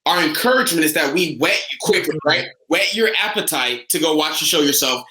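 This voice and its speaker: A young man from the United States, co-hosting a casual fan chat with eager, animated talk. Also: on the high side, brisk, echoey room, rough recording. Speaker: co-host.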